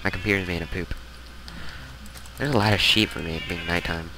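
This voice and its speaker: A man's voice: deep voice, steady tone, fairly quick. A man casually chatting while recording a let's play, goofy and playful. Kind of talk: casual gaming chat. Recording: hissy home game capture.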